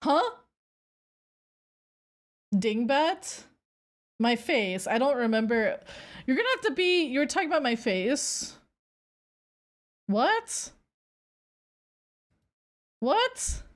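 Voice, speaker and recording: A woman streamer chatting casually with her viewers, telling a rambling story in an animated way and squealing when she gets excited. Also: high voice, a little slow, pauses often.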